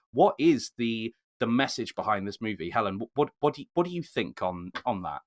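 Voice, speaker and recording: A man hosting a casual film discussion, getting animated when he makes a point. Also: mid-range voice, brisk, few pauses. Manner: animated, rising sharply when emphatic. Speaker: podcast host.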